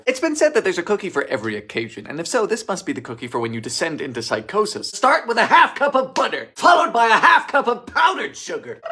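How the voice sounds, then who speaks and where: A young man hosts a comedic vintage baking show, trading dry sarcastic quips for sudden loud outbursts. His voice is bright and sharp, and his pitch leaps around constantly. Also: a little hiss or hum. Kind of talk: comedic cooking narration.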